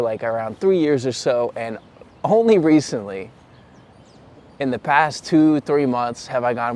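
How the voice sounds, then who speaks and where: A man's voice: medium pitch, darkish tone. A young man vlogging to camera, telling a casual, rambling story and correcting himself as he goes. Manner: chatty, rambling, self-correcting; puts on voices when quoting people.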